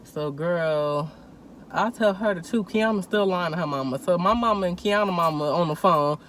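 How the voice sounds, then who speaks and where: A young woman telling a story in casual chat while eating, animated, acting out quotes and laughing often. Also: on the low side, normal speed, a little hiss or hum. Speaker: co-host.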